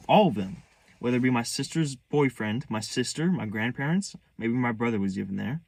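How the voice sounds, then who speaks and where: Young male vlogger, low fry-heavy voice, dry close sound, candid halting storytelling. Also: expressive, no echo. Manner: halting, restarts often, earnest and hurt.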